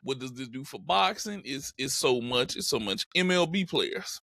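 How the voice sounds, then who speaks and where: A man's voice: mid-range voice, animated, normal speed, gravelly, sharp tone, no echo, studio quality. A man hosting a casual podcast, hyped and slangy as he opens the show. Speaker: podcast host.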